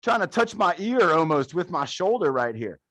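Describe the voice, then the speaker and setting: Young male fitness coach, upbeat and encouraging, slightly high voice, dry close sound. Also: big pitch swings, normal speed, a bit bright, dry recording. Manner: upbeat, encouraging, playful counting and cueing. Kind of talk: live adaptive fitness class instruction. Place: fitness studio.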